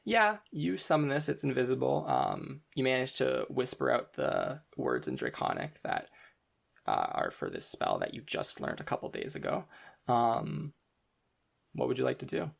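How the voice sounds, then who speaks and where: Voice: medium pitch, big pitch swings, normal speed, vocal fry, breathy edge. A game master narrating a tabletop game in a casual way, with lots of ums and uhs. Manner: casual, filler-heavy narration with frequent ums.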